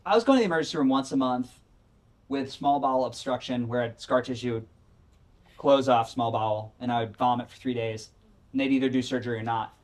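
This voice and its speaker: A middle-aged man, a podcast guest, telling his story candidly in a rambling, self-correcting, animated way. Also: mid-range voice, brisk.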